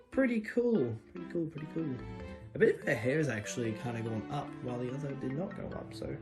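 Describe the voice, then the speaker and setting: A young woman with an Australian accent, chatting casually and jokingly as she shows off her plush collection in a vlog. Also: deep voice. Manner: chatty, animated, jokey and self-deprecating. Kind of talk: casual show-and-tell vlog.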